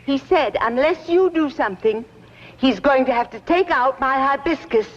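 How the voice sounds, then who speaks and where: An actress playing a prim, haughty society matron with a refined, fretful manner in a 1960s TV sitcom. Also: female voice, high voice, expressive, moderate pace, noisy background. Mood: distressed. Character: prim, haughty society matron fussing over her garden. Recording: lo-fi 1960s TV sound with laugh track.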